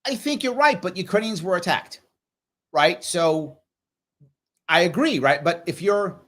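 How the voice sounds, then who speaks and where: Brief: middle-aged male livestream host, slightly high voice, very lively pitch, chatty direct commentary. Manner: animated, talks straight to viewers, acts out others in quick voices. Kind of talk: live Q&A commentary.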